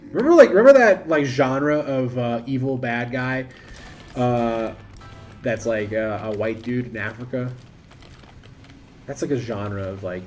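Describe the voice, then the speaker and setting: A man from the United States giving rambling, self-interrupting live commentary while he plays an online game, with sudden loud bursts of excitement. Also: on the low side, slight background noise. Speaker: game streamer. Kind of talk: casual live-stream commentary while gaming.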